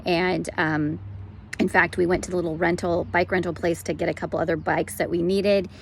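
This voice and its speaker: A middle-aged woman sharing an informal devotional word, gentle and conversational, with frequent fillers. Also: lowish voice, little pitch movement, normal speed, vocal fry, slight background noise. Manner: warm, gentle, conversational, with fillers and soft laughs. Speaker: speaker sharing a prophetic word.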